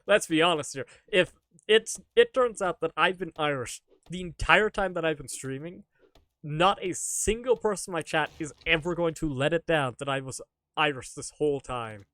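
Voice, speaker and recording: A man's voice: a little high, normal speed, fairly bright tone, no room sound. A man chatting casually to his live-stream audience while gaming, rambling, joking and swearing offhandedly.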